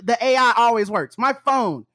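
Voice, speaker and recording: A man co-hosting a podcast in casual chat, animated and profane, acting out what others said. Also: very high-pitched, moderate pace, no room sound, studio quality. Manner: animated, profane, mimics others mid-story. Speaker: podcast co-host.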